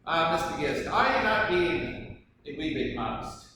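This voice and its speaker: An actor playing a theatrical colonial lawyer with an Irish accent, questioning witnesses in a live courtroom reenactment. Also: male voice, a little high, very animated, unhurried. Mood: showy. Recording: echoey hall, distant mic, background noise.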